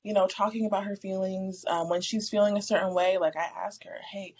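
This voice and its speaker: A woman speaks in a relaxed, chatty way as a podcast guest, breaking into laughter often. Her pitch sits mid-range for a woman. Her audio comes through dull and lo-fi. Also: a little fast. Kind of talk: casual podcast chat.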